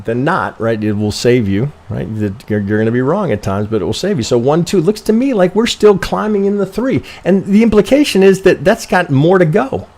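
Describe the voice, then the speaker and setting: With a creaky, slightly mellow mid-range voice, a man teaches on a relaxed live stream, reviewing members' trading charts while thinking aloud. His talk is rambling and foul-mouthed, full of self-corrections and repeated "right?" prompts to the audience.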